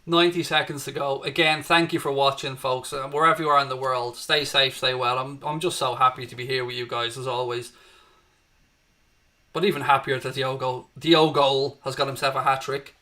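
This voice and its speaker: An Irish man hosts a live fan watchalong, chatting with viewers, reading their chat aloud and calling the match, his energy lifting whenever the action picks up. His mid-range voice is bright and forceful, with fairly even intonation and a moderate pace.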